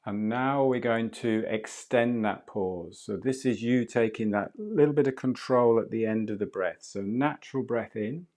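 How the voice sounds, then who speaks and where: A man leading a guided breathwork class, speaking slowly, softly and calmly. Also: medium pitch. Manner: slow, soft and calm guidance. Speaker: breathwork instructor.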